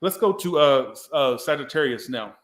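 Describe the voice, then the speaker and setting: A man's voice: mid-range voice, expressive, normal speed, roomy sound. A man from the Southern US, giving a casual, rambling tarot reading and swearing now and then. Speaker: tarot reader.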